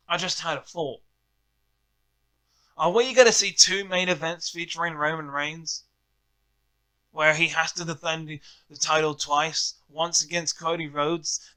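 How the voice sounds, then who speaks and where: A man vlogging a casual spoken review, excitable, thinking aloud and swearing when an idea grabs him. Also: high voice, clean tone.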